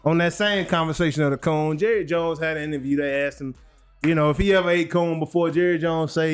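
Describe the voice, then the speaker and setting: A man co-hosting a casual sports chat with a Texas accent, chiming in with quick agreements. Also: on the high side, steady tone, clean tone, soft background music. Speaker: podcast co-host.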